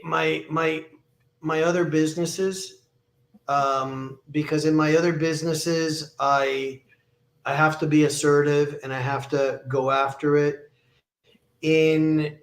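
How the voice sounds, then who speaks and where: A man's voice: fairly high pitch, fairly even intonation, slow pace. A man who is a recording artist answering interview questions in a thoughtful, hesitant way. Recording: echoey room sound.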